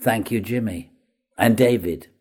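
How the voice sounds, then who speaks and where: An older man, an actor, telling anecdotes in an interview, chatty and animated, acting out the voices of the people in his stories. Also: lowish voice, unhurried, breathy edge. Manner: chatty raconteur, acts out quoted voices, laughs at own stories. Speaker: comedy actor guest.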